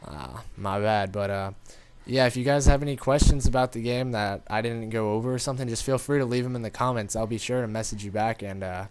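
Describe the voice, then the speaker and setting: A man's voice: medium pitch, a little fast, few pauses, smooth. A man giving casual gameplay commentary, rambling and informal, talking straight to his viewers. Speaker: gaming commentator.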